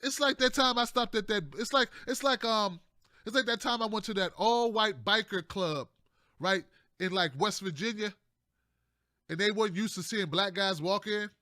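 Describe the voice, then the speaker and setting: A man's voice: sits high, normal speed, sharp tone, no echo, studio quality. A man hosting casual political commentary, loose and conversational, often tacking on "man" and jokey asides. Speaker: political commentator, show host.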